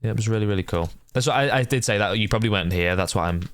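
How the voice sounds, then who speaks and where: Young man streaming, low smooth voice. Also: racing, no echo. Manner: swears and shouts at game characters. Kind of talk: casual gameplay chat with viewers.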